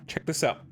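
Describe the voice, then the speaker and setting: A man giving live gameplay commentary to his chat, clearing his throat often after choking. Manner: talks to chat while playing, with frequent throat clearing. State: choking and coughing. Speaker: streamer.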